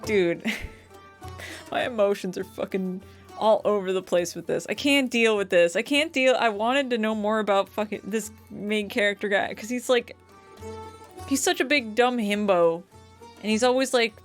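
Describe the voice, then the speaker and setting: A woman's voice: mid-range voice, moderate pace, faint music behind. A woman with a New York accent, streaming a game, reading its text aloud and reacting emotionally, swearing freely.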